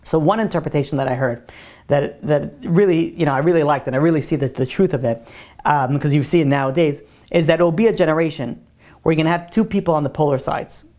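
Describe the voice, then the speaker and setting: A man's voice: on the high side, quick pace, darkish tone. A man who is a rabbi, giving a religious class in a loose, conversational way, answering questions and telling a story.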